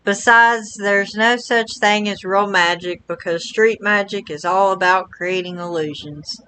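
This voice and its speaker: Woman voicing a flowery young street magician, bright tone, unhurried gushing lines. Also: medium pitch, a little hiss or hum, low-quality recording. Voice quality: flowery, overly sweet manner. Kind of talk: reading game dialogue aloud.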